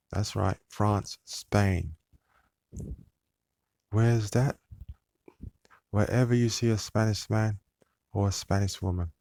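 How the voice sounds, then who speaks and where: A man's voice: deep voice, creaky, darkish tone, dry recording. A man hosting his own channel, talking to viewers in a meandering, hesitant monologue full of fillers and restarts. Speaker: channel host.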